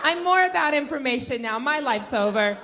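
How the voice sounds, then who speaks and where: A woman in her forties doing a brash stand-up set, working the crowd and bursting into shouts. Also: high voice, animated, fairly quick. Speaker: stand-up comedian and host. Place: comedy club stage. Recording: live club recording with loud crowd laughter and noise.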